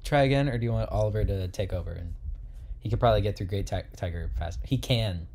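Deadpan low-voiced young man. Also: quick pace. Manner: deadpan, dry joking. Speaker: co-host playing the game on stream. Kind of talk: casual gaming livestream chat.

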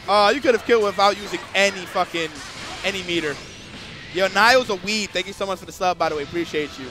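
A man doing live commentary on a fighting game match, excitable and swearing freely, breaking into shouts. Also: high-pitched, a little fast, music in the background.

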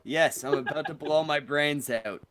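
A man's voice: fairly high pitch, measured pace, noisy background. A man hosting a podcast stream in casual chat, rambling and joking crudely, full of uh and restarts. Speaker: podcast host.

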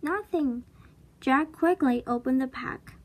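Slow, high-voiced woman reading a storybook. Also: steady tone, darkish tone, slightly rough. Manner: slow, deliberate storybook narration. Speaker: reader. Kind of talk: children's book read-aloud.

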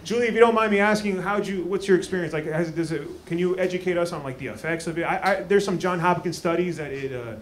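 A male stand-up comedian from Maryland doing loud, laughing crowd work and teasing audience members. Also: high-pitched, fast, hardly any pauses. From Maryland, USA. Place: comedy club stage. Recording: noisy live club recording.

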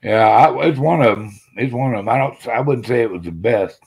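A man's voice: mid-range voice, brisk, vocal fry, darkish tone, husky, dry recording. A man who grew up in the US Gulf South and works as a chef, chatting in a folksy, slangy, rambling way as a caller on a live show. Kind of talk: casual chat.

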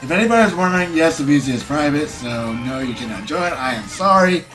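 Tired streamer rambling over game music. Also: male voice, on the high side, lively intonation, fairly quick, a bit bright. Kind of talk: casual live-stream chat.

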